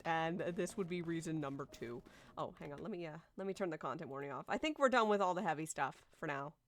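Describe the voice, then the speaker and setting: A woman's voice: low-pitched, expressive, fast talker. A woman streaming playful, cursing casual chat. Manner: playful, swears freely, laughs often. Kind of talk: casual chat while gaming.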